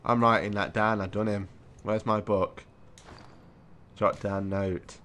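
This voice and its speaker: Deep-voiced gamer talking to himself. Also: male voice, little pitch movement, takes it slowly, a bit bright, slight background noise. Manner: chatty, talks to himself while playing, mild swearing. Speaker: let's play gamer. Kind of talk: live gameplay commentary.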